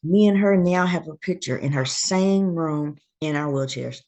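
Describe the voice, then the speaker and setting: Amid a noisy background, a woman with a deep voice and moderate pace tells her own story as a guest in a relaxed interview. She's from Georgia, USA, and she performs the quoted voices with lively energy.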